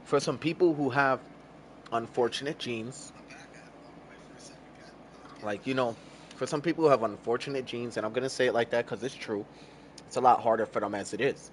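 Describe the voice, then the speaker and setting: A man's voice: mid-range voice, moderate pace, pauses often, a little hiss or hum. A man in his thirties chatting casually with viewers on a gaming livestream, rambling, laid-back and swearing freely while he eats. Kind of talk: casual stream chat with viewers.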